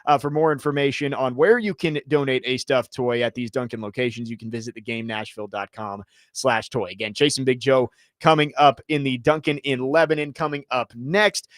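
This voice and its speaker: A man's voice: mid-range voice, fairly even intonation, a little fast, few pauses, dry recording, clean studio sound. A man hosting live sports talk radio, reading promos and steering the chat in a conversational way. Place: radio studio. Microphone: studio mic.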